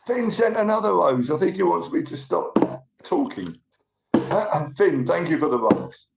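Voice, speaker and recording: Gravelly middle-aged man. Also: fairly high pitch, huge pitch swings, a little slow. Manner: rambling, greets and thanks viewers. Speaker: live-stream host. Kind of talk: casual live-stream chat. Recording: roomy room with faint noise.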